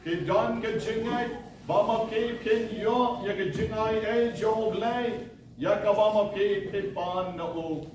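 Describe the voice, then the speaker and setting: Male priest, sermon delivery, unhurried, distant mic in a reverberant church with a noisy background. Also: high voice, steady tone. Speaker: priest preaching at a novena Mass. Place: large church hall.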